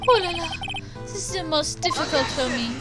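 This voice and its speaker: A woman putting on a flamboyant French chef, high and gushing. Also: animated, normal speed. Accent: put-on French. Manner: theatrical, gushing. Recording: loud game music underneath.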